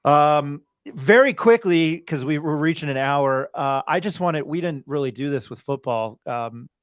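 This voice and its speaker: A sports podcast host with an animated, fairly high voice talks at a measured pace, recorded with studio quality, clean tone, and no echo. He rambles casually, restarting and using fillers while reeling off game scores.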